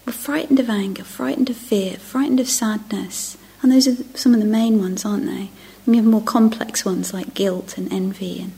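A woman's voice: mid-range voice, fairly even intonation, normal speed, vocal fry, hardly any pauses, mellow, breathy edge. A middle-aged woman giving a reflective dharma talk as a meditation teacher. She often drops to a near-whisper and restarts her phrases. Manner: self-interrupting, restarting phrases. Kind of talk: dharma talk to a retreat group.

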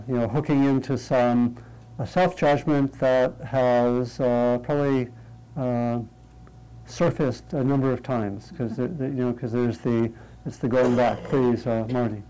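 A man leading a meditation class in an interactive talk, lighthearted and checking in with the group, thinking aloud through pauses and restarts. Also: medium pitch, flat delivery, warm tone, smooth, poor audio. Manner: light, humorous, often checks in with "right?". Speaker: meditation teacher.

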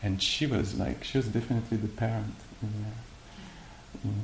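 A man giving a meditation talk and answering questions, speaking haltingly with many fillers and restarts. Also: on the low side, steady tone. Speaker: meditation teacher. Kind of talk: dharma talk and Q&A. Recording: echoey room with faint hiss.

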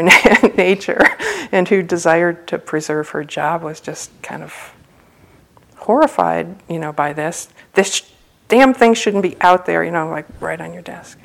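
At a retreat center, a woman meditation teacher gives a dharma talk, sharing a personal story in a humorous, loose, conversational way. Her voice is lowish, level, creaky, and a little slow.

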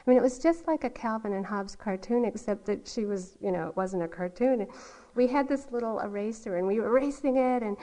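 Woman meditation teacher, mellow warm tone, unhurried storytelling, gentle laughs. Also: fairly high pitch, rough recording. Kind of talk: dharma talk. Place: meditation hall.

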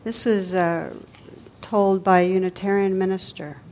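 A woman meditation teacher telling a story to a group in a gentle, unhurried way, her voice softening at the ends of phrases. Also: mid-range voice, steady tone. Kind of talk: storytelling in a dharma talk.

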